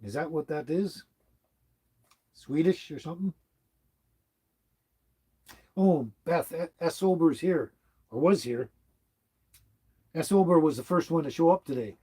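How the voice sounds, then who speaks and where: A man's voice: on the high side, measured pace, long pauses, warm tone, breathy edge. A man in his seventies from Canada hosting a casual livestream, rambling along as he reads out viewers' comments. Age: 70s. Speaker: livestream host. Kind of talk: casual live-stream chat.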